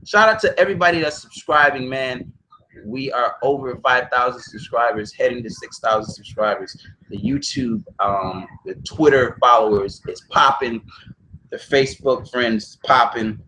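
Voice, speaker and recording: A man's voice: medium pitch, normal speed, pushed and bright, slight background noise, low-quality recording. A man vlogging emotional football talk, blunt and profane, often repeating himself as he restarts phrases. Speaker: sports vlogger. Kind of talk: emotional football commentary vlog.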